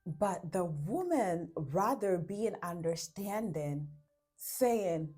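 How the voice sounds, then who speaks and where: Lowish-voiced woman giving relationship advice. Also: animated, very slow, mellow, faint music behind. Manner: explains with examples and acts out quotes, often tags "right?". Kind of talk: casual advice talk to camera.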